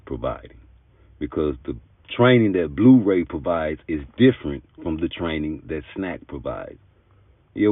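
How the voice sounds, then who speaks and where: Deep-voiced man ranting about boxing. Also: no echo. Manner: emphatic, argumentative, street-talking. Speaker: boxing commentator. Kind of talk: opinionated commentary monologue. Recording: tinny phone-like dry sound.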